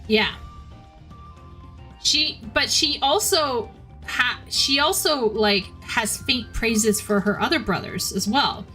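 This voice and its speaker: A woman's voice: fairly high pitch, slow pace, sharp tone, faint music behind. Chatty woman streaming a game. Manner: chatty, restarts sentences, critiques the writing. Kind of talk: casual live-stream commentary.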